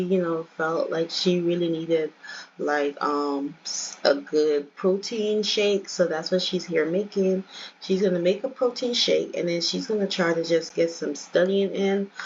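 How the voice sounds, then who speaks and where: A woman's voice: lowish voice, a little mellow, muffled recording, slight background noise. A woman hosting a let's play, giving chatty, casual commentary and addressing viewers directly.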